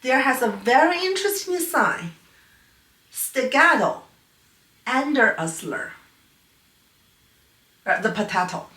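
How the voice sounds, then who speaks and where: A woman's voice: sits high, big pitch swings, takes it slowly, pauses often, pushed and bright, recorded from a distance. A female piano teacher whose first language is Chinese, giving a patient, explanatory online lecture on playing technique. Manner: patient, explanatory, non-native phrasing. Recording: echoey room, voice a bit off-mic.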